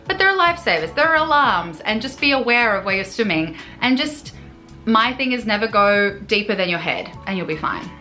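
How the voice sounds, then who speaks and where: A young woman with an Australian accent and a bright, forceful voice, ranting to camera about things people get wrong. She talks in an animated, exasperated way and slips into sarcastic asides. Light music plays faintly behind her. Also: medium pitch, fairly quick. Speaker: vlogger.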